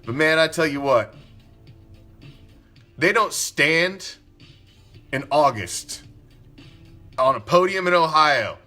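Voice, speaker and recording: Fired-up, high-voiced ranting man. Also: animated, slow, pauses often, sharp tone, faint music behind. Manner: profane, heated, emphatic. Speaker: sports talk commentator. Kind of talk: fired-up sports opinion rant.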